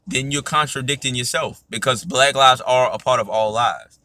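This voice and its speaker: An emphatic man talks through a casual podcast monologue. His voice is bright and forceful, sits at a medium pitch, and is recorded close and dry. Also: a little fast, dry recording. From United States. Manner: emphatic, repeats "you know what I'm saying". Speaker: podcast host.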